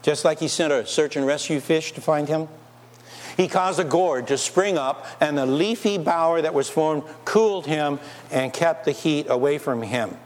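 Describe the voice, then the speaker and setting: A man's voice: a little high, moderate pace. A man preaching a sermon in a church, asking his listeners rhetorical questions. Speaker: pastor. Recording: long hall reverb.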